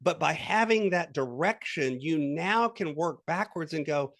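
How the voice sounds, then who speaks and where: Lively higher-voiced male coach. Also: a little slow, few pauses. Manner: animated storytelling with quoted voices; coaching, guiding the listener. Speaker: guest coach. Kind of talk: podcast interview.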